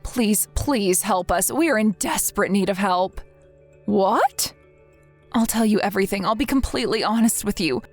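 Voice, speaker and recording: A woman reading the messages of an exhausted, apologetic young mother in a text-message story, with soft music behind her. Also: medium pitch, lively intonation, normal speed. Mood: pleading. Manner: pleading, apologetic. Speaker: daughter-in-law.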